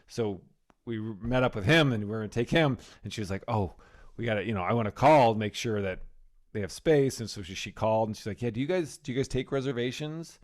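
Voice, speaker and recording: A man co-hosting a podcast, telling animated stories in casual chat and laughing at his own jokes. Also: fairly low pitch, fast. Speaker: podcast co-host.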